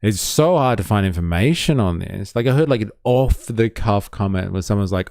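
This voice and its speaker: A man's voice: fairly low pitch, animated, brisk, creaky, hardly any pauses, a little mellow, no room sound, studio quality. A man giving blunt, sarcastic livestream commentary on news and chat messages, swearing freely.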